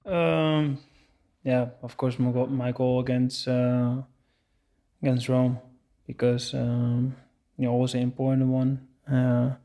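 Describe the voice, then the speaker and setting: Gravelly man giving halting answers. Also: medium pitch, dark tone. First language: Scottish English. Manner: halting, filler-heavy. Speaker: interviewed footballer. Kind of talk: interview answers.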